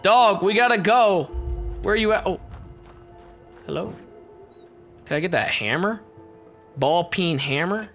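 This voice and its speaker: A man giving excitable let's play commentary, swearing and shouting as he plays. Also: sits high, measured pace, pauses often. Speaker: gameplay commentator. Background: game music.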